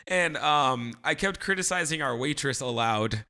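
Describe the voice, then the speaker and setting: A man's voice: medium pitch, expressive, normal speed, sharp tone. A man co-hosting a comedy podcast, rambling in casual banter, stumbling over words and laughing often. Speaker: podcast co-host.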